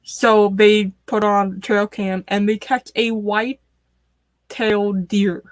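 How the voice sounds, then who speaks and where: A woman's voice: mid-range voice, slow pace, dry recording. A woman as a stream guest, chatting casually and telling morbid stories with dry humor. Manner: storytelling, morbid deadpan humor.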